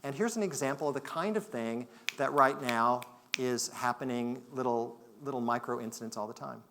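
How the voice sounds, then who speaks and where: A man giving a conference talk, telling a story in a reflective way that moves between loud and hushed. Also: mid-range voice, moderate pace, background noise. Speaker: conference speaker. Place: conference hall.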